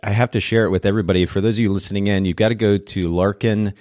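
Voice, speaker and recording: A man's voice: on the low side, steady tone, very fast, a little mellow, no echo, clean studio sound. A man hosting a podcast interview, talking in an effusive, casual way with frequent restarts. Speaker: podcast host.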